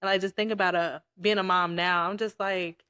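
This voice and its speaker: A woman's voice: on the low side, steady tone, fairly quick, clean tone, no room sound. A young woman hosting a casual podcast chat, an empathetic listener who speaks openly about motherhood. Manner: warm, empathetic listener, emotional. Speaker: podcast host.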